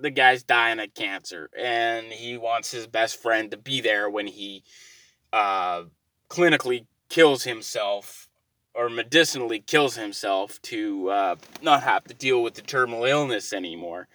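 A man's voice: mid-range voice, measured pace, no room sound. A man casually telling a rambling story, swearing freely and growing exasperated. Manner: rambling, profane, gets loud and exasperated.

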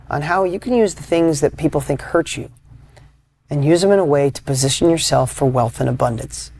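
A man hosting a motivational podcast, talking casually and emphatically, with sudden loud high peaks between quieter asides. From United States. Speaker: podcast host. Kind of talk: motivational talk.

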